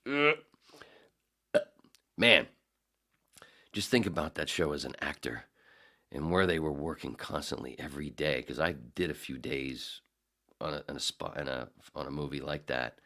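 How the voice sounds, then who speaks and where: Deep-voiced man rambling on a podcast. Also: moderate pace, long pauses, bright, forceful tone. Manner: profane, jokey, slips into impressions. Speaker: podcast host. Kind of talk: casual solo podcast rambling.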